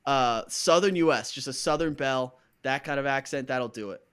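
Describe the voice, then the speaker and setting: A man's voice: medium pitch, normal speed, a bit bright, clean tone. Chatty, joking male podcast host. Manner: chatty, joking, rambling with fillers. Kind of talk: casual podcast chat.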